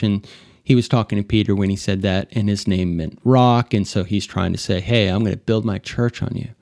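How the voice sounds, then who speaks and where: A man's voice: medium pitch, darkish tone, no echo, studio quality. A man hosting a podcast, telling a personal faith story in a loose, rambling way with many fillers. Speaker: podcast host. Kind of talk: casual spoken testimony.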